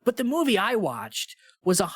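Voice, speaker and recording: A young man co-hosting a movie podcast, talking casually with lots of "like" and getting animated when he rants. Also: sits high, moderate pace, breathy edge, no room sound, clean studio sound. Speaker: podcast co-host. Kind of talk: casual movie review chat.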